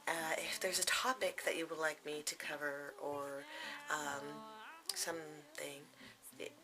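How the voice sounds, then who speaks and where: A woman's voice: sits low, little pitch movement, measured pace. A young adult woman vlogging, telling a personal story to camera in a candid, casual way with plenty of fillers. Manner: candid, frequent fillers and asides.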